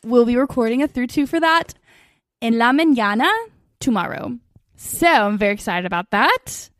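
A young woman with a fairly high voice co-hosts a podcast in a loose, joking chat. She rambles through fillers and side jokes, and the sound is close and dry. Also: expressive, normal speed, dry recording. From Washington state. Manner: bubbly, jokey, rambling with fillers. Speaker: podcast co-host. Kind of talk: casual chat.

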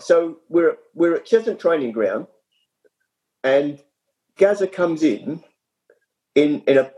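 Animated man telling stories. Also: mid-range voice, poor audio. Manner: animated, lively storyteller with frequent restarts. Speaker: former club kit man, guest. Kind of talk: casual anecdote telling.

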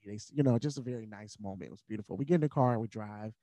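A man's voice: on the low side, rapid-fire, dark tone, no room sound. A man, a podcast guest, telling a personal story in an earnest, candid conversational way, with fillers and moments of emotion.

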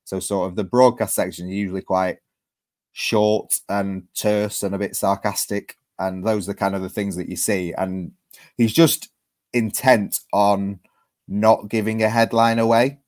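A man's voice: on the low side, fairly even intonation, measured pace, a little mellow, dry recording, clean studio sound. A man, a football journalist talking as a podcast guest, casual and hesitant, with many restarts and fillers.

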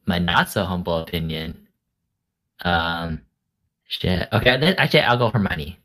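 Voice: low-pitched, moderate pace, sharp tone. A co-host on a casual podcast, answering quiz questions with confident ease. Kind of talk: casual chat.

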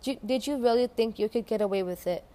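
A woman reading the lines of a sly, menacing female schoolteacher in a low, quiet, threatening voice. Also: fast talker, close to an everyday voice.

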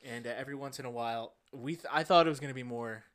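A man's voice: mid-range voice, rapid-fire, fairly bright tone. A young man co-hosting a casual podcast, telling a story in a rambling, self-deprecating way with many fillers. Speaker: podcast co-host. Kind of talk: casual chat.

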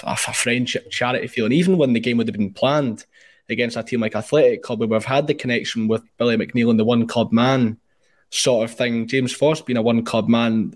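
Male panelist, measured conversational talker. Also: mid-range voice. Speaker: podcast guest. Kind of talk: casual football chat.

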